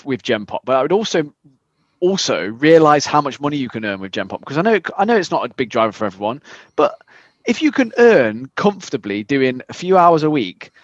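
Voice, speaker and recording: A man's voice: fairly high pitch, sing-song, dry recording. A man co-hosting a fitness podcast, telling frank, sweary stories about his working life. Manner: frank, sweary, quick storytelling. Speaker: podcast co-host, fitness coach. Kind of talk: casual podcast chat. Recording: dry, slightly dull podcast audio.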